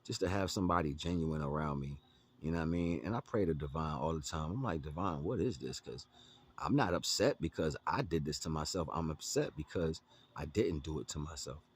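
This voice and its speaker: A man's voice: a bass voice, a little fast, husky. A man telling a story to his viewers in a blunt, profane, emphatic way, with lots of asides to the listener. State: homeless, talking about his day. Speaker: vlogger. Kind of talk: casual storytelling monologue.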